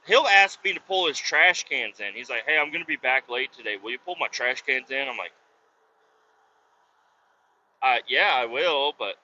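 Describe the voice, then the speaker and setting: Behind the wheel, a podcast host vents casually through a meandering story laced with profanity and exasperation. He has a mid-range, sharp-toned voice, captured in dull lo-fi sound with light road noise.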